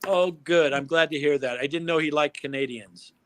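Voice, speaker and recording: A man from the United States talking as a guest on a livestream, excitable, swearing freely and laughing often. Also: fairly high pitch, normal speed, a crowd in the background. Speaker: guest, product formulator. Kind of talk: casual chat on a livestream.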